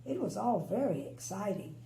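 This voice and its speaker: A woman's voice: mid-range voice, expressive, moderate pace, gravelly, warm tone. An older woman, a grandmother, reads a bedtime story expressively and adds chatty, opinionated asides. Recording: echoey room with faint hum.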